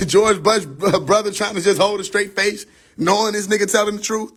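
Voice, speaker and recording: A man rants casually on a livestream, swearing freely and laughing through his points. His voice sits high for a man. It sounds picked up on a phone. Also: moderate pace. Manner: profane, laughs often, animated. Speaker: livestream host.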